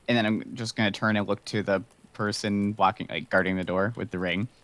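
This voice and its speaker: A man's voice: on the low side, flat delivery, brisk, hardly any pauses, a bit bright. A man playing a tabletop game, jumping in eagerly. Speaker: player. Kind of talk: casual tabletop play.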